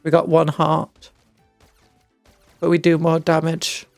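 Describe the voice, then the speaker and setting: A woman's voice: low voice, monotone, takes it slowly, vocal fry, a little mellow, dry recording, faint music behind. A British woman streaming a game, reading upgrades aloud and making jokey asides. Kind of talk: casual gameplay chat.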